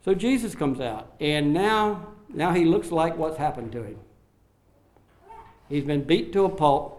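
A man preaching an expository sermon, acting out the quoted lines with swings in loudness and slowing down on key phrases. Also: fairly high pitch, expressive. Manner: dramatic, acts out the quoted lines with sharp rises and drops in loudness.

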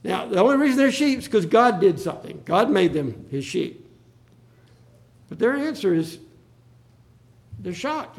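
High-pitched gravelly male preacher. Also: big pitch swings, a little slow, long pauses. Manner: dramatic, acts out the Bible quotes. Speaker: pastor. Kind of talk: sermon.

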